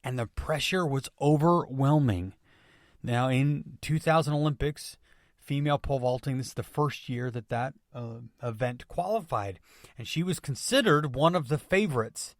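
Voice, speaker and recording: A man hosting a motivational podcast, speaking with energetic emphasis and returning to catchphrases again and again. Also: medium pitch, normal speed, no room sound, clean studio sound. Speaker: podcast host.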